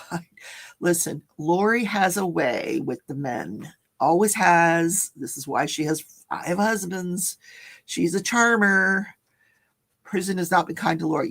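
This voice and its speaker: A woman's voice: fairly low pitch, vocal fry, slightly rough. A woman hosting a casual livestream, chatting about a court case, laughing often and greeting viewers in the chat. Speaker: livestream host.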